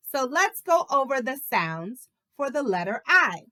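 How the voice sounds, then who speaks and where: A woman teaching a video lesson to preschool children in a slow, encouraging, sing-song way. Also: on the high side, very animated, pushed and bright.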